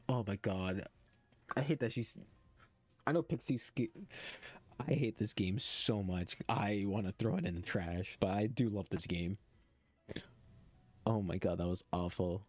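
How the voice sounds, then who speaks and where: A man playing a game, reading its dialogue aloud and reacting excitably, often breaking into high, shrill outbursts. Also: no room sound. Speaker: let's play gamer.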